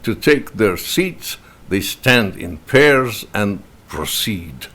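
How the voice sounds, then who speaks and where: Man, native Russian speaker, verse reading, deliberate phrasing, low voice, unhurried. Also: big pitch swings, fairly bright tone. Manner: slow, measured verse reading with pauses between phrases. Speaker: reader and translator.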